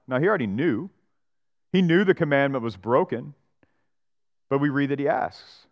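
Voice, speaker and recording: A man's voice: mid-range voice, animated, normal speed, pauses often, lo-fi sound. A man who is a pastor, preaching an expository sermon in a conversational way, often tagging lines with "right?" and briefly acting out the people he quotes. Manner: acts out Bible characters and church members in voices.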